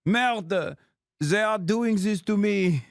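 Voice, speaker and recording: A man's voice: takes it slowly, gravelly, no echo, studio quality, full character voice. A man putting on a whining, mock-French voice for a nationalist man crying for help. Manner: shrill mocking parody.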